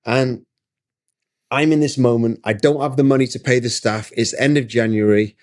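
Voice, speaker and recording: A middle-aged man, an interview guest, telling a personal story in an emphatic, animated way with frequent restarts, speaking over a video call from his studio. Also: mid-range voice, moderate pace.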